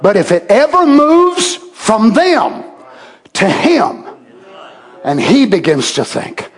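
A preacher with a strikingly high voice that leaps and falls in pitch. He alternates between fervent shouting and hushed, slowed-down asides. The tone is a full sermon delivery. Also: wildly swooping pitch.

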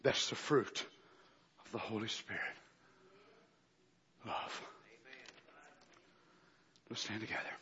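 A male pastor preaching a fervent sermon in a church, swinging between shouting and hushed talk. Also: on the low side, slow pace, long pauses. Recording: dull recording with long hall reverb.

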